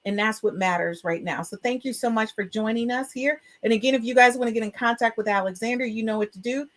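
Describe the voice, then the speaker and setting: Her voice is a little high and she speaks fast, hosting an education podcast with lots of fillers. The talk is casual and upbeat, and her delivery is emotional and expressive.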